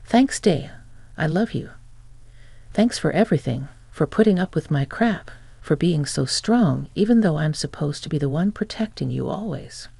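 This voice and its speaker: Grieving young guy, angry n sorry, low gravelly mellow voice, read by a woman. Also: animated, normal speed, no echo, full character voice. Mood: grateful. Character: grieving young adult man, angry and remorseful.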